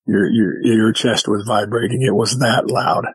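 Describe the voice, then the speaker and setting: A man's voice: fairly low pitch, fairly even intonation, a little slow, slightly rough, no echo, poor audio. A man who is a podcast guest, telling a story in casual chat and acting out the exchanges with vivid detail.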